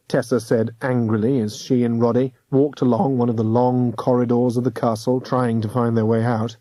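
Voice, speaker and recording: A man narrating a children's audiobook with a measured, dramatic reading. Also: medium pitch, little pitch movement, mellow, no room sound. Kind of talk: scripted storybook narration.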